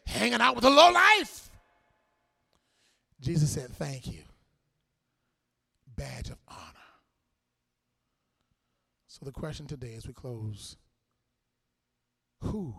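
Gravelly preacher man, shouting and dropping low. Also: very animated, slow pace, long pauses. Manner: swings from shouted sing-song preaching to quiet asides. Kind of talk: sermon.

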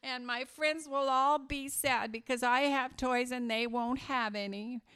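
A woman's voice: high-pitched, steady tone, measured pace, fairly bright tone, clear, resonant tone, voice pushed up. A woman voicing a pessimistic young boy who whines and cries over his presents in a children's church story. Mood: whining. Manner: whining, crying voice.

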